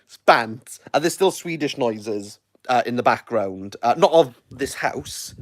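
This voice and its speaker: A man's voice: medium pitch, expressive, unhurried, dry recording, studio quality. A Welsh man reviewing books in a rambling, jokey, playfully sarcastic livestream chat into his phone. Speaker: book reviewer.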